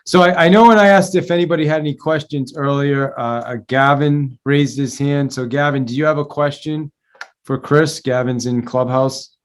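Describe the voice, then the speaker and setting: A man's voice: a little high, steady tone, normal speed. A man hosting a live audio chat room, reacting casually and inviting a listener to ask a question. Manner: friendly, loose, handing over to a listener. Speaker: host.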